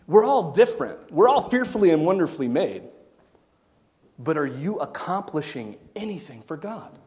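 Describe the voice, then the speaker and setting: A married pastor preaching a sermon to his church, swinging from quiet asides to shouted excitement and laughing at his own jokes. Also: high voice. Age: adult, married. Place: church sanctuary. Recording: long reverb in a church hall.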